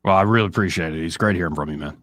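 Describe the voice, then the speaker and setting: A man's voice: low voice, racing, dry recording, studio quality. A man hosting a call-in radio show, chatting casually and laughing easily with callers. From Alabama. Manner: lively, conversational, laughs easily. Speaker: radio talk show host.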